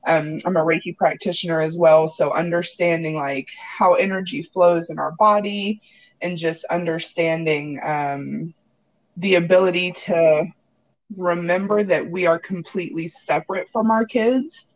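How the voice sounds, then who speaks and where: High-pitched man, mindfulness teacher, musing and easygoing in casual conversation. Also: fairly even intonation, measured pace, highs cut off. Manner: reflective, loose talk full of "like".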